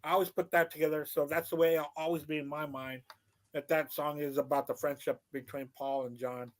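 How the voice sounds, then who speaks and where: A thoughtful male podcast co-host who talks things through with some hesitation. His voice sits slightly high for a man. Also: flat delivery, brisk. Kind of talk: casual chat.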